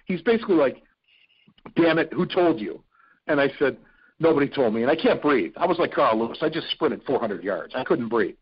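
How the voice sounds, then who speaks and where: A man from Ohio, a radio personality, telling stories as a podcast guest in an animated, excitable way. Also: mid-range voice, quick pace, slightly rough. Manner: animated, excitable storyteller with frequent fillers. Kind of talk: casual storytelling interview. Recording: dull lo-fi podcast audio.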